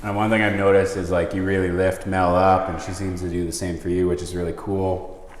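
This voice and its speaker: A man's voice: low voice, little pitch movement, fairly quick, heavy background noise. A man hosting a casual interview, teasing his guest with jokes. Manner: teasing, joking. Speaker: host. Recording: echoey room with long reverb.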